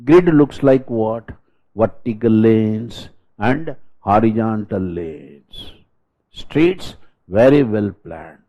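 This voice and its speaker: A man's voice: on the low side, mellow. Emphatic South Indian male history teacher. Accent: South Indian English. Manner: emphatic, rhetorical questions to students. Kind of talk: exam-prep lecture. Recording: dull lo-fi classroom recording.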